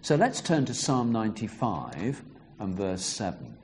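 A man teaching how to read the Bible in context, explaining in a measured way and reading passages aloud with emphasis. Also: fairly low pitch, huge pitch swings. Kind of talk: teaching talk on interpreting scripture.

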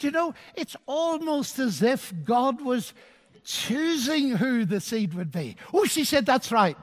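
Male preacher, high voice, story-driven sermon with quoted dialogue. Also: big-room sound. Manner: storytelling, quoting dialogue with softened voice.

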